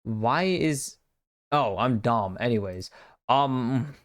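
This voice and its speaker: A man's voice: medium pitch, lively intonation, takes it slowly, dry recording, studio quality. A man from the United States casting an esports draft alone on a live stream, chatty and self-deprecating, muttering asides to himself. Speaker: esports caster.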